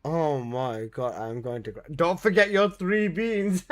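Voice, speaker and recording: A man's voice: fairly high pitch, expressive, a little slow, hardly any pauses. A young male streamer talks to his chat in a slightly raised voice, taking his time between bursts. He exclaims and swears freely, and laughter keeps slipping into his talk.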